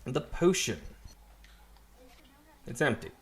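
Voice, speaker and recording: A man's voice: mid-range voice, very animated, takes it slowly, a bit bright, slight background noise. A man playing a narrative game, reading and musing aloud in a wry, trailing way. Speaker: let's play gamer. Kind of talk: casual gameplay commentary. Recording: faint game music behind.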